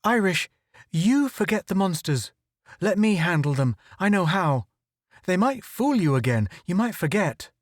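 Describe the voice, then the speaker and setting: A man voicing an urgent, high-strung space reporter. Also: very animated, unhurried, no echo, studio quality, heavily acted. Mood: shouting. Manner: urgent, commanding. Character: tense, urgent young male space reporter. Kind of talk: audiobook character reading.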